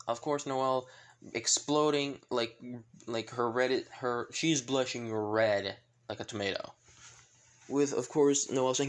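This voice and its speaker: A man's voice: medium pitch, steady tone, measured pace. A man casually retelling a fan-made story in a rambling way, full of filler phrases.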